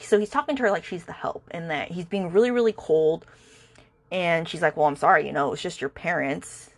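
A woman hosting a book podcast, retelling a romance novel's plot in a chatty, animated way with lots of fillers. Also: fairly low pitch. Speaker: book review podcast host. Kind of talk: casual book recap.

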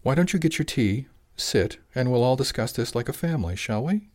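A man voicing a calm, patient mother who speaks gently but with a firm edge. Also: mid-range voice, fairly quick, dry recording, studio quality, voice pushed up, close to an everyday voice.

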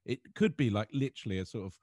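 An English man telling funny stories in casual chat, animated and often laughing as he talks. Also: lowish voice, quick pace, no echo, studio quality. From England. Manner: animated storyteller, laughs through his stories. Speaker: comedian guest.

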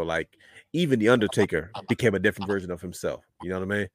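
A man's voice: sits low, quick pace, no echo. A man hosting a podcast in a casual, rambling chat, calling listeners brother. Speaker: podcast host.

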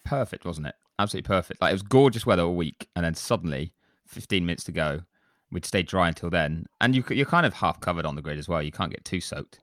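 A low-pitched man hosts a casual podcast, chatty and self-deprecating as he reads listener reviews aloud. His voice is deep, and the sound is dry and close to the mic. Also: lively intonation, fast, fairly bright tone, no echo. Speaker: podcast host.

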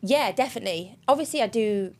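A young woman, co-hosting a podcast and telling a personal story in a chatty, animated way, full of laughs and the odd swear word. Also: mid-range voice, fast talker. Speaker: podcast co-host. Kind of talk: casual chat.

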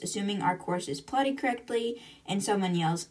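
A woman's voice: mid-range voice, normal speed, few pauses, darkish tone, recorded from a distance. A young woman hosting a podcast, retelling a novel chapter by chapter in a chatty way with side comments. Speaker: podcast host. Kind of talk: casual book recap.

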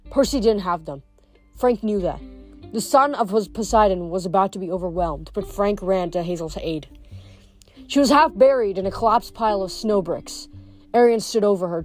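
A woman reading chapters of a novel aloud, measured, with occasional small stumbles over words. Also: mid-range voice. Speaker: audiobook reader.

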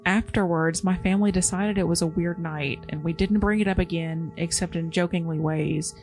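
Soft-spoken woman reading a spooky story. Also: on the low side, steady tone, moderate pace, soft background music. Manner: easily scared, self-described paranoid. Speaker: podcast co-host. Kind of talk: reading a story aloud, casual chat.

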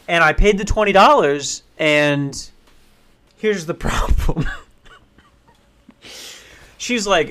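A man telling a funny personal story in casual, profane, animated style. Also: fairly high pitch, clean tone. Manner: profane, animated, acts out voices, rushes when excited.

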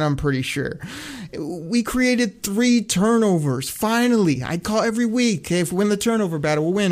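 Ranting sarcastic man talking football. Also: high voice. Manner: animated, sarcastic ranting with frequent laughs. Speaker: sports podcast co-host. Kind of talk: casual sports talk rant.

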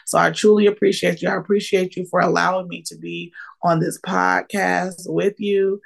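A woman in her forties with a gravelly, fry-tinged voice, chatting as a podcast guest. She is lively and emotional, laughs a lot and breaks into excited bursts. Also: on the low side, moderate pace. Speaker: guest, comedian and keynote speaker. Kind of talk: casual podcast interview.

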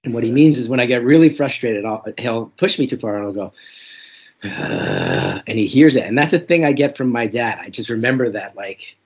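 A man's voice: mid-range voice, fast talker, hardly any pauses, breathy edge. A man, a comedian guest telling frank, reflective, self-deprecating stories in an interview. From New Jersey. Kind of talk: candid interview storytelling. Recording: dull lo-fi recording.

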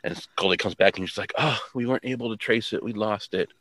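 A podcast co-host with a lowish, slightly bright voice talks fast with no echo as he casually recaps a TV episode. He rambles with many "like" fillers and quotes characters in offhand voices.

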